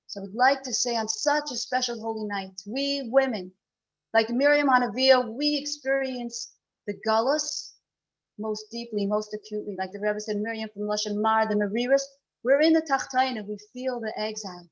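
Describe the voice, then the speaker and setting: A woman giving an earnest inspirational talk to a women's gathering, telling a story and swelling and dropping in loudness. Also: on the high side, normal speed. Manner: earnest, rising and falling in loudness. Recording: dull lo-fi recording.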